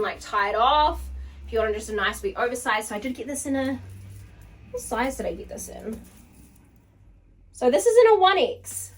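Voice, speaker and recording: Brief: young woman vlogger, bubbly and chatty, a touch high, recorded from across the room. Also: recorded from a distance. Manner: bubbly, gushing, full of "like". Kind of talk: casual try-on haul chat.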